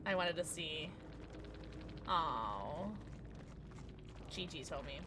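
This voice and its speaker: A young adult woman streamer giving excitable live gameplay commentary, shrieking and laughing through chases. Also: medium pitch, slow, background noise.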